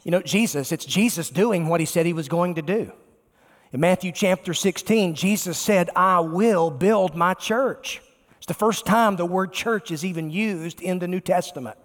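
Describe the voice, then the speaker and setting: A pastor, a man, preaching a sermon emphatically and slowing down to stress key words. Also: high voice. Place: large church sanctuary. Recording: long reverb of a large church.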